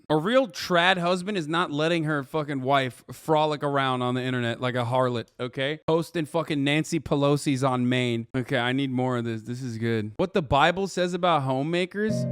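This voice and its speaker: Brief: young male streamer, slightly high voice, sarcastic, profane reaction commentary. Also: smooth. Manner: loud, mocking, profane, emphatic.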